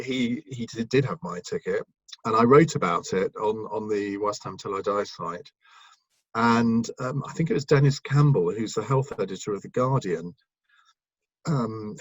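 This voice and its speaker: Husky man reminiscing, dull dry sound. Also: on the low side, no room sound. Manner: rambling, with many ums and restarts. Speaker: guest, broadcaster and author. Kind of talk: casual interview reminiscence.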